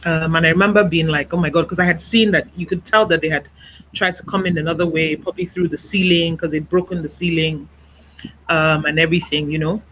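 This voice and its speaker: Bright-voiced woman recounting her story haltingly. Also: low-pitched, steady tone, slight background noise, poor audio. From Nigeria. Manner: soft-spoken, halting, reflective, many "you know" fillers. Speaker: interview guest. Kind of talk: personal testimony over a video call. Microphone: video call.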